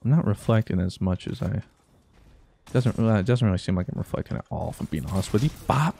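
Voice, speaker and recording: A young man giving jokey, excitable commentary over his own gameplay, breaking into sudden loud outbursts. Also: on the low side, quick pace, gravelly, slight background noise. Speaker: gaming YouTuber.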